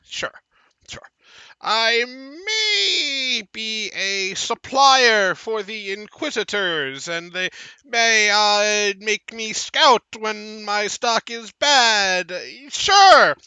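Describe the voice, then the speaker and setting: A man's voice: sits high, animated, drawn-out words, pushed and bright, clean tone, no echo, pitched above the performer's own voice, heavily acted. A man voicing a nervous, stammering male halfling who lies to save himself. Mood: cowering. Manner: stammering, frantic.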